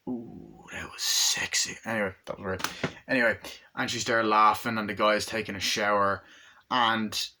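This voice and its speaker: A man reviewing an action film in a rambling, profane, excited scene-by-scene retelling. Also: fairly low pitch. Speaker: movie reviewer.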